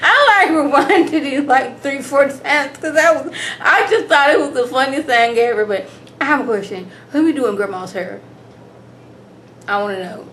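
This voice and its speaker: Brief: lively higher-voiced woman vlogger, chatty recap with slang. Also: moderate pace, slight background noise. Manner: animated, chatty storytelling with slang. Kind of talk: casual episode review.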